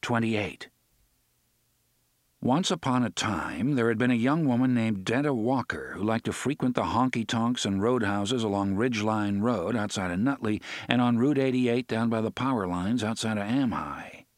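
A man reading an audiobook in a dramatic way, slowing down to stress the grim details. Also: fairly low pitch, no room sound, studio quality. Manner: dramatic, with slowed emphasis on dark details. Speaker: audiobook narrator. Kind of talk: scripted audiobook narration.

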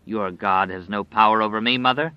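A man's voice: on the low side, a little fast, smooth, no echo, lightly acted. A man voicing a menacing, boastful demonic wolf that taunts an old woman in an audiobook. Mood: taunting. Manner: taunting, gloating. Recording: dry, slightly dull recording.

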